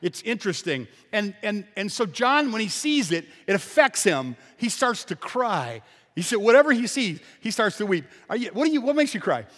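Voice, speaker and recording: A man's voice: sits high, very animated, normal speed, fairly bright tone. A pastor preaching a sermon to his congregation, emphatic and full of rhetorical questions. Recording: long reverb of a large hall.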